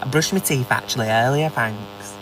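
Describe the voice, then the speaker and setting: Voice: mid-range voice, normal speed, fairly bright tone, a little hiss or hum, rough recording. A TikTok creator in a parked car, frightened and panicking, swearing often and dropping to shocked whispers, talking into a phone. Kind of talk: frightened vlog to camera.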